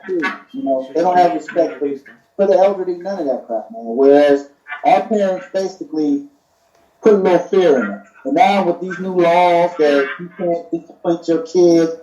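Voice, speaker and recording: A man's voice: warm tone, lo-fi sound. A man speaking as a panel guest, blunt and emphatic in casual talk. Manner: blunt, emphatic, drops to a low mutter. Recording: roomy, distant mic.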